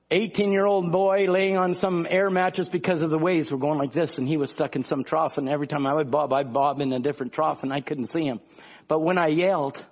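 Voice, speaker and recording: A man's voice: on the high side, lo-fi sound. A man preaching a sermon in an impassioned, conversational way, full of rhetorical questions. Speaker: pastor.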